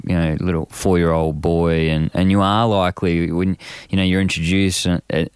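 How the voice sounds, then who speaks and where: Deep-voiced man, rambling chat. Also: moderate pace, clear, resonant tone, dry recording, studio quality. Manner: rambling, many fillers and restarts, animated when quoting others. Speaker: guest, men's program founder. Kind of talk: casual conversational interview.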